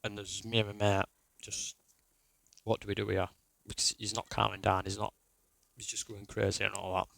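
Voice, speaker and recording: A man's voice: lowish voice, flat delivery, moderate pace, creaky, fairly bright tone, no echo, poor audio. A young man, telling a rambling, sweary personal story in a casual way. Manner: rambling, sweary, restarts a lot.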